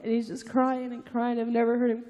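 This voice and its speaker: A woman's voice: on the high side, monotone, fairly quick, dark tone. Tearful woman giving a church testimony. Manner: tearful, breathless, laughing through tears. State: crying. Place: large church hall. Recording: long reverb of a big hall.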